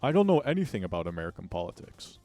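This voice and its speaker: A man's voice: low-pitched, very animated, fast talker, dark tone, dry recording, soft background music. A man streaming a video game, joking with chat, swearing and laughing often. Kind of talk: casual gaming stream chat.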